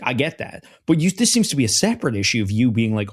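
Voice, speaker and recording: A man's voice: mid-range voice, big pitch swings, fast talker, slightly rough. A man co-hosting a podcast, chatting casually and riffing amused jokey advice. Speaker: podcast co-host. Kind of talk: casual chat.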